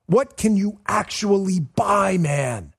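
A male political talk host delivers a livestreamed commentary in a high, lively voice. His tone is emphatic and sarcastic, swinging widely as he rants. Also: slow pace, vocal fry, breathy edge.

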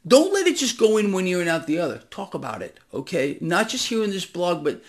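A man rants straight to camera in an impassioned vlog monologue. His voice is gravelly and a touch higher than most men's, and he lurches between loud bursts and low, hushed asides. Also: sing-song, fairly quick. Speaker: financial commentary vlogger. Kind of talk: direct-to-camera ranting monologue.

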